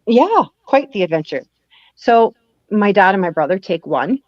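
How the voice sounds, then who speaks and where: A woman's voice: medium pitch, very animated, normal speed, a little mellow. A woman guest in an interview, telling a personal story and acting out the lines of people in it. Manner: acts out quoted dialogue, laughing at times. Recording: dull lo-fi sound, dry.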